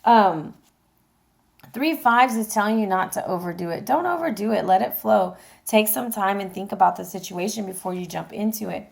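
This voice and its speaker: Her voice is mid-range, gravelly and on the darker side, and she speaks at a moderate pace. Doing an informal tarot reading, she addresses viewers head-on, chatty and filled with fillers and laughter.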